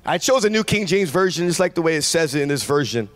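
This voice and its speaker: Fervent, high-voiced preaching man. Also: sing-song, fast. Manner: fervent preaching, shouting out declarations. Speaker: guest pastor. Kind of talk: sermon. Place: church sanctuary with a congregation.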